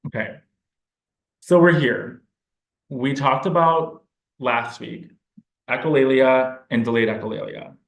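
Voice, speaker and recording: A man speaks at a middle pitch, explaining his subject in a relaxed, informal teaching way. He pauses now and then to think aloud. The recording is roomy, with noticeable echo. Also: gravelly. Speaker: speech-language pathologist presenting to parents.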